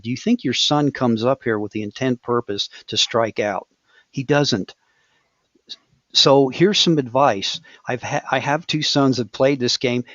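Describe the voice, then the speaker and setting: A man's voice: mid-range voice, fairly bright tone, no room sound. A man hosting a casual conversation, sharing a reflective story and stammering as he begins his sentences. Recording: dry dull lo-fi sound.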